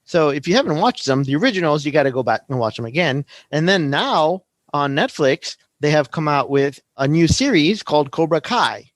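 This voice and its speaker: A man's voice: on the high side, animated, moderate pace, few pauses, dry recording. A man in his forties hosting a podcast, talking casually and rambling through a story, often adding "right?". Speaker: podcast host. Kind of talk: casual teaching talk.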